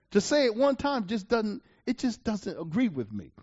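Male preacher, fervent and emphatic, voice high and animated, dull lo-fi recording. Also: normal speed, few pauses. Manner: emphatic, rising to loud declarations then dropping low. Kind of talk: sermon.

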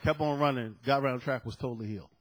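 A man's voice: medium pitch, racing. A male preacher delivering a sermon, emphatic and dramatic, repeating key phrases for effect. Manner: dramatic storytelling with sudden loud peaks.

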